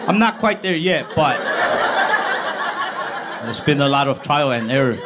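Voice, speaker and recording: A man's voice: fairly high pitch, lively intonation, unhurried, a loud crowd. A man doing stand-up with dry, sarcastic storytelling. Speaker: stand-up comedian. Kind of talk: stand-up comedy set. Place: comedy stage before a live audience. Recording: noisy live club recording.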